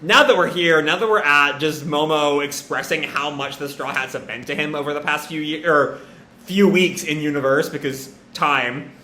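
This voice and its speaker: A man's voice: fairly high pitch, moderate pace, bright, forceful tone, slight background noise. A young man casually reading out a manga chapter and reacting, chatty with many fillers. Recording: roomy echo.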